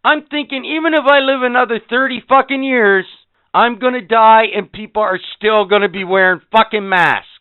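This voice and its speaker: A man's voice: high-pitched, normal speed, clear, resonant tone, no room sound, phone-quality sound. A man in his fifties hosting a podcast, delivering a profane, sarcastic, exasperated rant. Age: 50s. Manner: foul-mouthed, sarcastic, exasperated. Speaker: podcast host. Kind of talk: profane ranting monologue.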